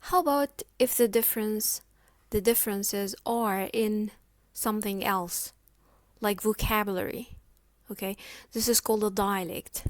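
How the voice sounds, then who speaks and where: A woman's voice: medium pitch, no room sound, studio quality. A woman teaching a lecture, checking in often with "okay?" and "right?". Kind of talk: explanatory lecture.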